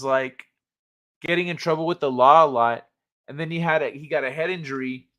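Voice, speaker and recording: A man's voice: fairly high pitch, a bit bright. A man hosting a casual livestream chat from the United States, rambling and laughing as he reads chat aloud. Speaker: livestream host.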